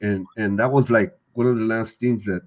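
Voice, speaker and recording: A man's voice: on the low side, steady tone, normal speed, a little mellow. Older man telling a raw life story. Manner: rambling, repeats words and phrases, swears freely; streetwise slang. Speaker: guest. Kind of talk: candid personal storytelling.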